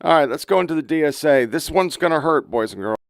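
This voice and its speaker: A man's voice: a little high, lively intonation, fast, vocal fry, no room sound. A man from the United States hosting a political podcast, ranting crudely and with exasperation while playing clips. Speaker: podcast host. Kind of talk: profane political commentary.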